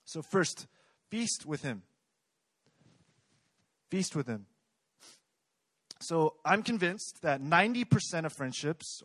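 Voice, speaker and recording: A man's voice: on the high side, fairly bright tone, no room sound. A young man preaching a sermon in a conversational way, often asking the congregation questions. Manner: conversational, asks the audience questions.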